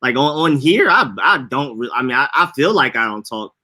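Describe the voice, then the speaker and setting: A man's voice: medium pitch, sing-song, moderate pace, pushed and bright. A young man with a slight Atlanta accent, co-hosting a casual podcast chat, laid-back and laughing often. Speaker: podcast co-host.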